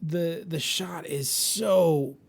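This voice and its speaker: A man's voice: fairly high pitch, very slow, gravelly. A man co-hosting a podcast in casual chat, enthusiastic, laughing often and stumbling over fillers and restarts. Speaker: podcast co-host.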